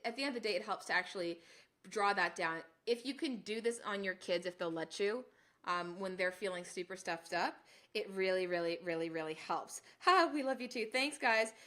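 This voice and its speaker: A woman hosting a casual health live stream, animated and talking to her viewers while she exclaims and curses at the cold. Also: mid-range voice, fairly quick. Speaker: health show host.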